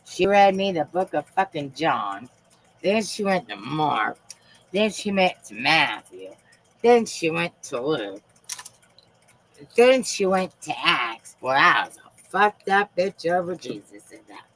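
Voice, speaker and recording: A woman's voice: low-pitched, big pitch swings, slow, a bit bright, rough recording. A woman hosting a live stream, talking in a rambling, profane and fervent way. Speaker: livestream host.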